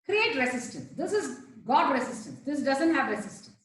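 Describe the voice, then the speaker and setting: A woman giving a lively fitness talk to an audience, asking them questions as she demonstrates. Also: sits high, moderate pace. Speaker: fitness trainer. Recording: very echoey hall, voice far from mic.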